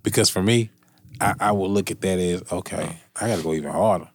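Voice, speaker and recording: A man in casual podcast chat, animated and profane, repeating himself. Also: low voice, brisk, slightly rough, no room sound.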